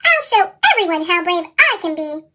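A woman reading the part of a small, eager green boy steam engine, with her voice pitched up into a chipmunk sound. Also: sing-song, moderate pace, sharp tone, heavily acted. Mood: defiant. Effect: chipmunk pitch-shifted voice.

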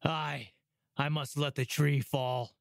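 A man voicing a huge, slow-witted male giant in a storybook reading, gruff and blustering. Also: on the high side, flat delivery, no echo, clean studio sound. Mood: straining.

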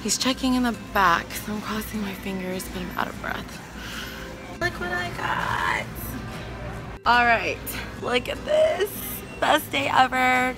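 A young woman with a husky voice, chatting excitedly to her viewers in a casual vlog. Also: mid-range voice. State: husky, lowered voice while recovering. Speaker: vlogger.

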